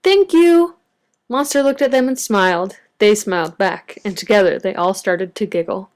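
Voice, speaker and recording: A woman reads a children's picture book aloud in a mid-range voice. Her storytelling is expressive and varied. She gives the story a gentle read-aloud lilt. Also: medium pitch, moderate pace. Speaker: storybook reader.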